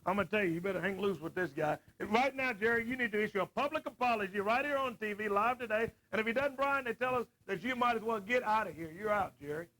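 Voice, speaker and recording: A man's voice: high-pitched, expressive, fast talker, few pauses, sharp tone. A man hosting a live TV wrestling segment, scolding and emphatic. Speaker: TV wrestling show host.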